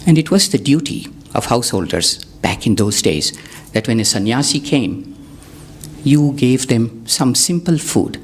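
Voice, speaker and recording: A man's voice: medium pitch, animated, measured pace, a little hiss or hum. A man telling a spiritual story to a gathering, conversational, asking the audience questions and adding wry asides. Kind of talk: satsang storytelling talk.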